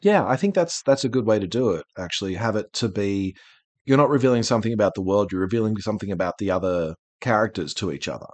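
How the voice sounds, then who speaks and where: A man with a very low voice hosts a casual podcast discussion, rambling and restarting as ideas tumble out. He gets animated as he goes. The recording is dry and close. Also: quick pace, no echo. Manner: rambling, animated, self-interrupting. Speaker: podcast host. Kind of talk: casual chat.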